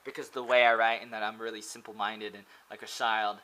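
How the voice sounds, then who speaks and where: A man's voice: fairly low pitch, level tone, a little fast, pushed and bright, poor audio. A man vlogging from a pagoda in a rambling, casual monologue. He hesitates often, with many fillers and restarts.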